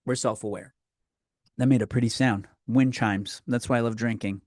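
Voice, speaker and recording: A man's voice: mid-range voice, fairly even intonation, moderate pace, darkish tone, no room sound, clean studio sound. A young man hosting a solo podcast, ranting bluntly and profanely and rambling with frequent restarts. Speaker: podcast host.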